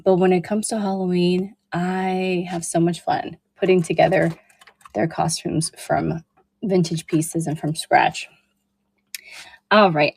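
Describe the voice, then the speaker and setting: A chatty woman with a drawl talks through vintage brooches on a casual live selling stream. Her voice sits a little low for a woman and sounds dry and close, with no room around it. She rambles warmly, full of ums and little asides to her viewers. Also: no room sound. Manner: chatty, warm asides, lots of fillers. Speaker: online vintage jewelry seller.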